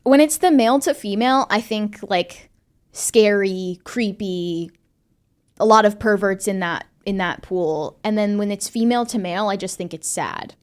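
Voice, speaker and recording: A woman's voice: mid-range voice, normal speed. A woman speaks as a podcast guest in a mid-range voice. She is casual but emphatic, pressing her opinions firmly. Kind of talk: casual talk-show conversation.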